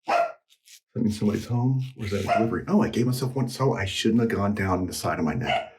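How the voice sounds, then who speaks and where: A man's voice: fairly low pitch, lively intonation, fairly quick, noisy background. A man talking casually while he shaves on camera, rambling and poking fun at himself, a little out of breath. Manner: rambling, self-deprecating, thinking aloud. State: slightly out of breath. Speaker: shaving vlogger.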